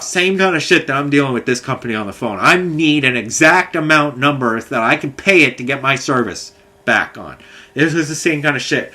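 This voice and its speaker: A man's voice: medium pitch, animated, brisk, bright, forceful tone. A man telling a long, angry, rambling story, swearing often. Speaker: vlogger. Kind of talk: ranting monologue.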